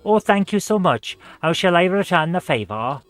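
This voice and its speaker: A man's voice: high voice, sing-song, moderate pace, soft background music, voice pushed up. A man voicing a kindly, worried good witch woman in a video game, speaking in a pleading, sing-song way. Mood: grateful.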